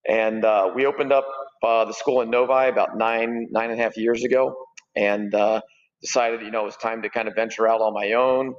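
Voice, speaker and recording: A man's voice: on the low side, steady tone, a little fast, long reverb tail, highs cut off. A man in his forties, a gym owner talking as a podcast guest in an easygoing, rambling way with lots of fillers and restarts. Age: 40s. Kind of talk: casual podcast conversation.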